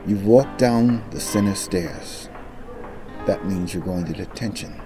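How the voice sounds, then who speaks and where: A man's voice: deep voice, unhurried, over music. A middle-aged man working as a national park ranger, telling history as a dramatic story with varied emphasis. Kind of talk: storytelling guided talk.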